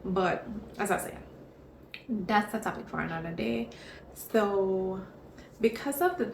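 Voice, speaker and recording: A woman talks in a casual vlog, her voice carrying a gravelly edge. She tells her stories in an expressive, chatty way. The recording has an echoey room sound with a faint hiss behind her. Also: mid-range voice, a little slow. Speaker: vlogger. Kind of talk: casual pregnancy vlog chat.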